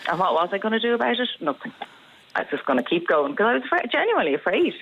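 An Irish woman in her thirties, calling a radio phone-in and telling a story with lively energy and frequent laughs. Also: a little high, very fast, slight background noise. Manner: animated storytelling, laughs often. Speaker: caller. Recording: muffled phone-in line on radio.

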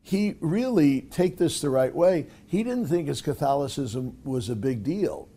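A man who is a cardinal, speaking conversationally in an interview and pausing often. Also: a little high, animated, dark tone. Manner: conversational, halting with fillers. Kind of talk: interview commentary.

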